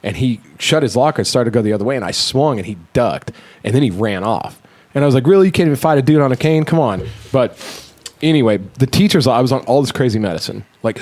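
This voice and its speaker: Fast-talking, foul-mouthed storytelling man. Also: lowish voice. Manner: animated, heavily profane storyteller. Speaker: podcast host. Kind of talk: casual storytelling chat.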